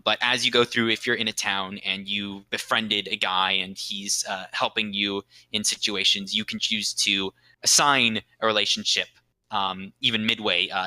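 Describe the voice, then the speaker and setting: In a relaxed podcast chat, a man game master explains a tabletop game's rules to his players, using many "um"s before bursts of emphasis. His voice is very bright yet lowish, close on the mic, in a dry, rough recording.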